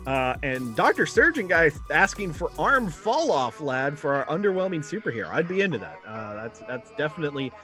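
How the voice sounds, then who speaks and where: A man's voice: on the high side, sing-song, brisk, few pauses, music in the background. A man hosting a live art battle stream with jokey, announcer-style commentary, stretching words for effect.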